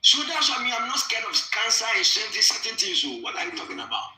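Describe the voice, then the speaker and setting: A man's voice: very high-pitched, huge pitch swings, quick pace, bright, forceful tone, roomy sound, poor audio. A man preaching fervently on a podcast, repeating his phrases and switching into Twi. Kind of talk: preaching in talk.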